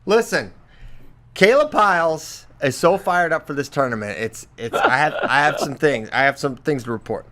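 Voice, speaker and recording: A man in his thirties co-hosting a casual podcast chat, telling animated stories and mimicking his son's voice. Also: on the high side, normal speed. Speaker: podcast co-host.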